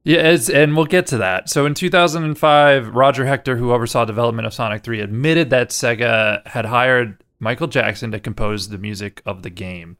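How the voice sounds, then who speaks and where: Smooth-voiced man rambling through a review. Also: medium pitch, fairly quick, few pauses. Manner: rambling, many fillers, trails off quietly. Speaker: podcast co-host. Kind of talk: casual movie review chat.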